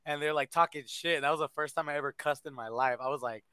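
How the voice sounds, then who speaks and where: Bright-voiced young man telling stories. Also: fairly high pitch, fast talker, smooth, no echo, clean studio sound. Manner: slangy, boastful storytelling. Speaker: podcast co-host. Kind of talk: casual chat.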